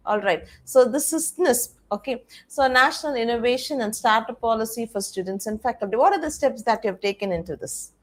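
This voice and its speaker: A woman giving an online presentation to faculty and students, explaining step by step and often stopping on "okay" and "all right". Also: fairly high pitch. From India. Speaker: panel speaker on innovation policy.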